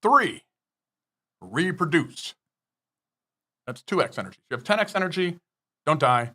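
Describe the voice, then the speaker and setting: Male podcast guest, a bit high-pitched, emphatic and profane, lecturing style. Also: big pitch swings, measured pace, bright, forceful tone. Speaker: business guest. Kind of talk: podcast interview.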